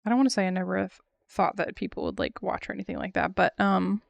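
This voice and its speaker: A woman's voice: medium pitch, steady tone, fast talker, gravelly, no echo. Giggly young woman chatting on stream. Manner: chatty, giggly, thinks aloud with many fillers. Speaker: art streamer. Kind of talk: casual chat while drawing on stream.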